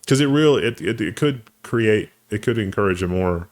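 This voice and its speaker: A man's voice: lowish voice, lively intonation, moderate pace. A man co-hosting a casual tech news show, thinking aloud and often restarting his sentences. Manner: thinks aloud, restarts phrases, laughs easily. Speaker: co-host.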